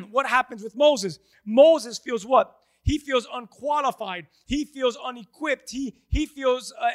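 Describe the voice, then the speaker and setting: A man preaching a sermon with passion, repeating words and rising to shouts. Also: very high-pitched.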